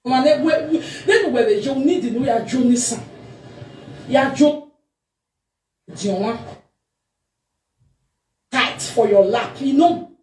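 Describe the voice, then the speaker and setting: A woman's voice: sits high, animated, slow, long pauses, a little mellow. A woman, chatting loosely with exclamations. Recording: far off mic, echoey room with faint noise.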